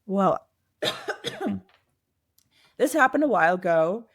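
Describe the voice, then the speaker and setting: A woman's voice: medium pitch, very animated, very slow, dry recording, studio quality. A middle-aged woman, a podcast guest who tells personal stories candidly and reflectively. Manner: reflective storyteller, acts out quoted dialogue. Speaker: nonprofit fundraising consultant, guest.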